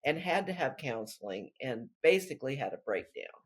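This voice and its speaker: A woman's voice: extremely low pitch, very animated, moderate pace, slightly rough. A woman author talking through her work in a rambling, chatty way during an interview. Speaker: author guest. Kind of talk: casual interview chat.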